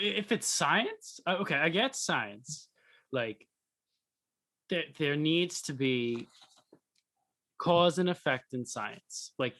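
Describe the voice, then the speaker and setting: A man's voice: medium pitch, pushed and bright. A young man co-hosting a podcast, chatting casually and telling rambling stories with frequent restarts. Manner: rambling storyteller, restarts often. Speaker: podcast co-host. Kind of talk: casual chat.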